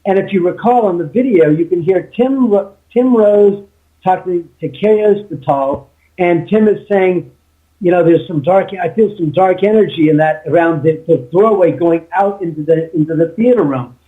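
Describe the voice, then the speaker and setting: A man's voice: sits high, normal speed. A man telling a spooky story from his home in a casual chat, acting out the people he quotes. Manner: animated retelling with quoted dialogue. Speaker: homeowner and YouTuber. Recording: tinny phone line.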